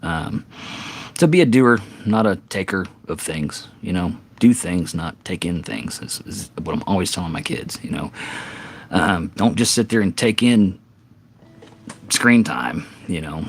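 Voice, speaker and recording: A man's voice: deep voice, animated, normal speed, breathy edge. A middle-aged man, out of breath, giving rambling, earnest advice in a casual live-stream chat between songs. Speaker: singer-songwriter streamer.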